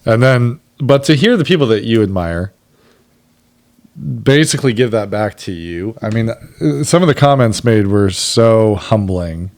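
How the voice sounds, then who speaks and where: A man's voice: on the low side, animated, a little slow, a little mellow. A man co-hosting a podcast, talking casually and reflectively, near tears as he gets sentimental. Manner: reflective, gets choked up and emotional. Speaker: podcast co-host. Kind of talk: casual chat.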